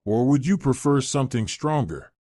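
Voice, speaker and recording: A man voicing a calm young wife who teases her husband with dry wit, in a slightly raised pitch. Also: moderate pace, no echo. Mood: calm, teasing. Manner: calm and teasing.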